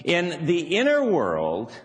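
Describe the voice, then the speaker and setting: A man's voice: fairly high pitch, huge pitch swings, takes it slowly, soft background music. A man giving a playful live seminar talk, often laughing and acting out what people say. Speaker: seminar speaker. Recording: long reverb of a hall.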